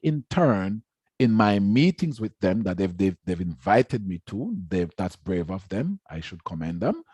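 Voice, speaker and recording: Man, low voice, warm dark tone, formal lecture, emphatic, repeats for stress, dry recording. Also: very animated, normal speed, breathy edge, no echo. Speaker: education researcher giving a talk.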